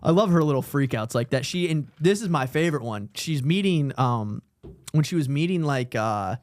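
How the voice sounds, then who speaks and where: A man with a slightly raised voice spins an anecdote on a casual comedy podcast. He jumps into little impressions of the people in his story. The delivery is loose and lively. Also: on the high side, moderate pace. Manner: animated storyteller, acts out quotes.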